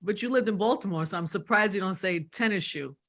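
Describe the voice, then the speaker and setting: A woman hosting an interview, enthusiastic and quick to laugh. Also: mid-range voice. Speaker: radio show host. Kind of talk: casual interview chat.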